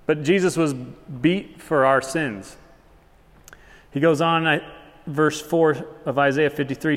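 A man preaching a sermon as pastor, reading scripture aloud and speaking with animated, rising intensity. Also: a little high, slow. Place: church sanctuary. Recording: long hall reverb.

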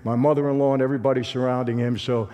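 A man's voice: mid-range voice, level tone, racing, mellow, highs cut off. A man with a Brooklyn accent, giving a conversational, streetwise testimony sermon as a guest speaker. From Brooklyn, New York. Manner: streetwise, conversational, acts out dialogue. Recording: long hall reverb.

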